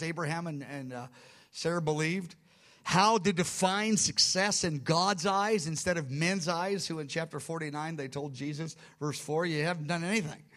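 A man's voice: on the high side, a bit bright. A man teaching through a Bible book chapter by chapter, emphatic and repeating key words for stress.

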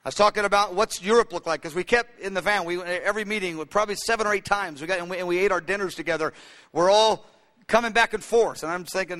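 A man's voice: sits high, fairly bright tone. A man preaching a sermon, telling a story with many fillers and restarts. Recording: long hall reverb.

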